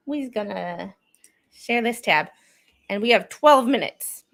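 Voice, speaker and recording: A woman's voice: on the high side, animated, extremely slow, gravelly, a bit bright. A woman streaming true crime content, reading court documents aloud in a casual, chatty way with frequent asides. She is getting over a cold and coughs now and then. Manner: chatty, digressive, breaks off into asides while reading.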